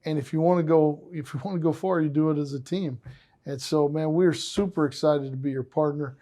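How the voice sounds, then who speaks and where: An enthusiastic man hosting a podcast, telling animated stories. His voice sits a bit high, with a mellow, dark tone. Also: a little fast. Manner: enthusiastic, effusive, animated storyteller. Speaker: podcast host. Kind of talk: casual podcast conversation.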